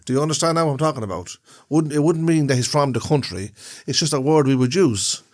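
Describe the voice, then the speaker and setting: A man's voice: fairly high pitch, lively intonation, fast talker, a little mellow. A man co-hosting a podcast in casual chat, explaining things at length with long rambling examples. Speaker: podcast co-host.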